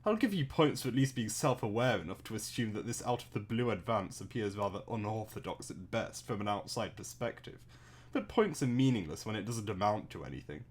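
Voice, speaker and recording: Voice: medium pitch, animated, fairly quick, husky. Someone doing a haughty, posh-sounding reader. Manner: haughty, condescending delivery when reading the character. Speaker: co-reader voicing comic characters. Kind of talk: casual read-aloud, posh put-on voice for one character.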